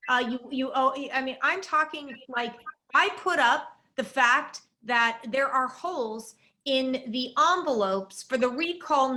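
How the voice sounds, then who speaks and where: A woman's voice: high voice, bright, forceful tone. A woman guest on a talk panel, telling an indignant story about being censored online.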